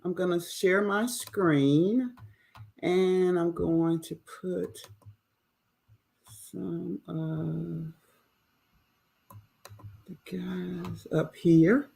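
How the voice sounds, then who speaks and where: Slow, low-voiced woman hosting a recap. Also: gravelly. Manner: chatty, animated retelling with playful quoted voices. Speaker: host. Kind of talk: casual show recap livestream.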